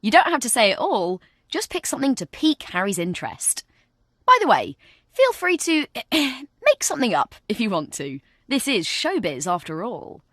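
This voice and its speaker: A woman's voice: on the high side, big pitch swings, moderate pace, fairly bright tone, dry recording, clean studio sound. A woman guiding the listener through a communication training exercise in scripted, encouraging narration, coaching them step by step. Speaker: virtual training guide.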